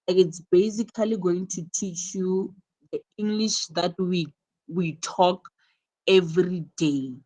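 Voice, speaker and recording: Slow, low-voiced woman teaching online. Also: fairly bright tone. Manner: patient, explains through repeated examples. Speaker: English teacher. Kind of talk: live online class teaching.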